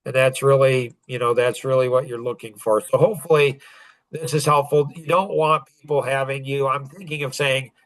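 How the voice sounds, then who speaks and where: A man's voice: mid-range voice, fairly even intonation, normal speed, no echo. A man in his forties, a self-improvement speaker, telling a personal story in an earnest, rambling way with many restarts.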